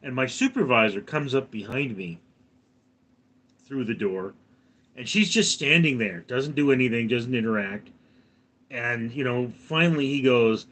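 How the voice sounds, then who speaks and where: A man's voice: medium pitch, expressive, normal speed, a bit bright. A man hosting a casual livestream from home, telling a long anecdote and reading out chat comments. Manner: chatty, reads out chat comments between anecdotes. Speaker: livestream host.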